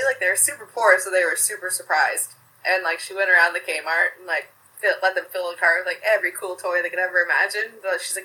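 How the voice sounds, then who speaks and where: Bright-voiced young woman reminiscing. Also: mid-range voice, steady tone, brisk, poor audio. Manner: chatty, laughs often, many filler "like"s. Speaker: interview guest. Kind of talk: casual remembrance interview.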